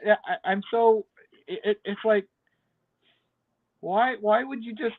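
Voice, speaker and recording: A man's voice: high-pitched, unhurried, pauses often, no echo. Man on a tinny call, laid-back. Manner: laid-back, stammering restarts, laughs often. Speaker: podcast co-host. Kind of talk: casual TV review chat. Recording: dry tinny call audio.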